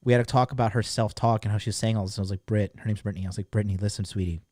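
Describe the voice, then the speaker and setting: A man's voice: lowish voice, rapid-fire, no room sound, clean studio sound. A man in his thirties hosting a podcast, talking casually, bluntly and with lots of swearing and filler words. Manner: blunt and profane, full of "like" fillers; animated and emphatic. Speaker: podcast host. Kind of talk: casual monologue promoting a course.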